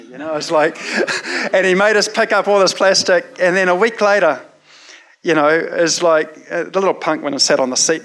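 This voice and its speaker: A man's voice: on the high side, steady tone, a little fast, fairly bright tone. A man with a New Zealand accent telling a personal story in a casual, rambling way, full of "you know" fillers.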